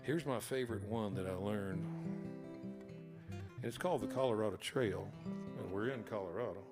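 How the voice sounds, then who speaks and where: In a lowish voice at a moderate pace, a man who is an author and singer-songwriter tells folksy, rambling stories between songs at a live concert hall. The recording carries long hall reverb alongside his guitar.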